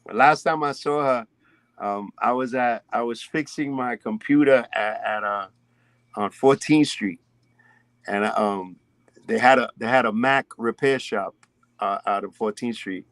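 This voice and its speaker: A man from Spanish Harlem, a podcast guest telling stories in a rambling, animated way with many restarts. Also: mid-range voice, measured pace, no room sound. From Spanish Harlem, New York. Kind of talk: casual podcast chat. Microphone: remote call.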